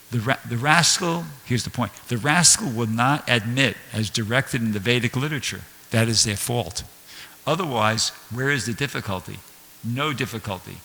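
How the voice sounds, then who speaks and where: A man's voice: mid-range voice, sharp tone. A man giving a conversational, earnest scripture class in a temple hall, reading and explaining quotes. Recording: reverberant hall.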